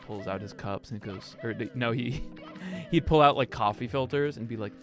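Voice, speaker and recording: A young man chats casually on a live stream at a moderate pace in a mid-range voice. He rambles and swears, filling the gaps with lots of fillers and laughs while music plays underneath.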